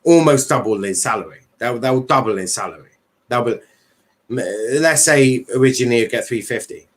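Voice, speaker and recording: A man's voice: mid-range voice, expressive, normal speed, slightly rough. A man hosting a casual football chat stream, talking in a rambling way with many fillers and restarts. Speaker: livestream host.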